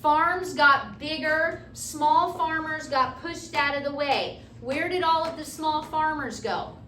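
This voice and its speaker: A woman's voice: high-pitched, slow pace, sharp tone, a little hiss or hum. A woman teaching a class, lecturing and often checking in with her students. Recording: echoey classroom from far off.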